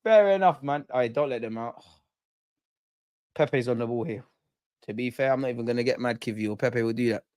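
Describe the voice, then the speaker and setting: A young man hosting a live football watch-along, chatting casually, reacting to play and reading out comments, sometimes muttering and sometimes shouting at the referee. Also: medium pitch, brisk, long pauses, dry recording, clean studio sound. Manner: animated, swings from muttering to shouting at the ref.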